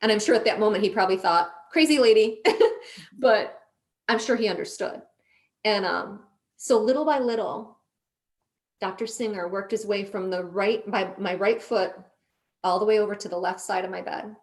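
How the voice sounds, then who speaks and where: Woman, middle-aged, interview guest, earnest emotional storytelling, restarts often, mid-pitched. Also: fairly quick. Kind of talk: personal storytelling in conversation.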